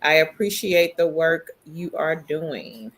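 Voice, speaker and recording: A woman's voice: low-pitched, fairly even intonation, slow pace, a bit bright. A woman co-hosting a casual livestream, chatty as she greets viewers and reads their comments aloud. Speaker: livestream co-host. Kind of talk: casual live chat.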